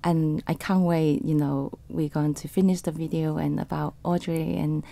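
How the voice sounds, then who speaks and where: A woman in her thirties, a photographer on a radio interview, speaking haltingly with restarts and slightly non-native grammar. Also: low voice, flat delivery, vocal fry, dark tone.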